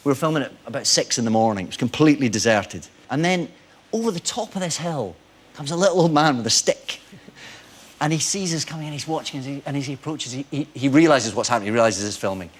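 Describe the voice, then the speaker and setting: A man in his forties, a guest actor on a chat show, telling lively anecdotes and acting out the voices of people in them. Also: medium pitch, quick pace, breathy edge. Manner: animated storyteller, acts out quoted voices.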